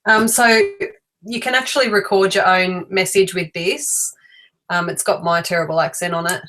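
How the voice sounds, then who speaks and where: A woman chatting as a guest on a live stream, giggly and relaxed, with lots of fillers. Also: fairly low pitch, moderate pace, poor audio. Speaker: guest, doll maker. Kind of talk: casual live-stream chat.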